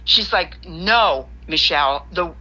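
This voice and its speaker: Lively storyteller woman on a dull line. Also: lowish voice, measured pace. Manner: animated storytelling, quoting her friend in lively asides. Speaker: guest caller. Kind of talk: telling a paranormal story.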